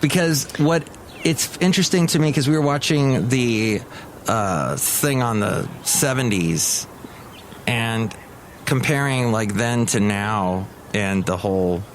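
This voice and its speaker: A man's voice: medium pitch, slow pace, slight background noise. A man hosting a podcast, chatting casually and jokily, rambling from one thought to the next. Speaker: podcast host. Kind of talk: casual chat.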